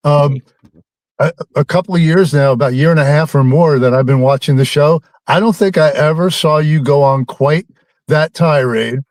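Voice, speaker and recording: Guy calling into a sports show, bit higher voice, rambles and teases, lots of ums, dry sound. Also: normal speed, a little mellow, no echo. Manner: rambling, teasing, many ums. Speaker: caller. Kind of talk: phone-in chat with a host.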